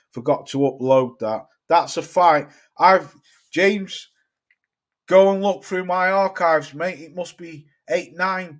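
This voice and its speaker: A man with a London accent hosting a casual live stream about boxing, answering viewers and swearing freely as he gives his opinions. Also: fairly high pitch. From England. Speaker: boxing channel host.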